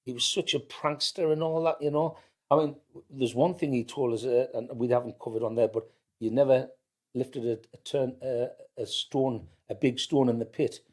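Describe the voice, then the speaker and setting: A man's voice: mid-range voice, fairly even intonation, normal speed, darkish tone. A man in his fifties from County Durham with a North East English accent, telling family stories in a casual chat and often restarting words. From County Durham, England. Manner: anecdotal, repeats words as he restarts, mimics others in quotes. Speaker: podcast guest, family business owner.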